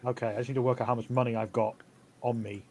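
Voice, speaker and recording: A man's voice: mid-range voice, flat delivery, racing, warm tone. A man playing a tabletop game, chatting playfully and laughing often. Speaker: player. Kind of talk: casual chat at a tabletop game.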